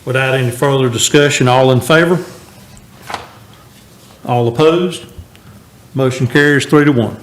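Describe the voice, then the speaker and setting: A man chairing a town council meeting, calling votes in brisk, formal procedure. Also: mid-range voice. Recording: echoey council chamber.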